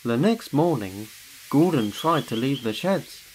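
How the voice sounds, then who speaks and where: A man narrating a children's storybook in an expressive way. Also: medium pitch, measured pace, slight background noise. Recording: music underneath.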